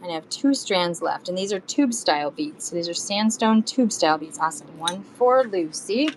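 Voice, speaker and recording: Casual woman seller on a live stream, lowish voice, faint hiss behind, chatty and hums between items. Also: lively intonation, normal speed, rough recording. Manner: chatty, counts beads aloud, hums while working.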